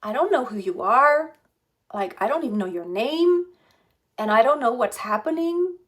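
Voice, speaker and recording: A woman's voice: fairly high pitch, lively intonation, normal speed, fairly bright tone. A woman in her fifties telling a rambling personal story, talking casually into a phone propped in front of her, with many fillers and restarts. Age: 50s. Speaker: vlogger. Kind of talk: casual pregnancy vlog storytelling. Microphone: phone propped on a stand.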